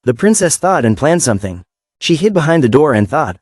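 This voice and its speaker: A man's voice: mid-range voice, big pitch swings, fairly quick, a little mellow, no room sound, studio quality. A man narrating a comic story recap in a plain storytelling manner.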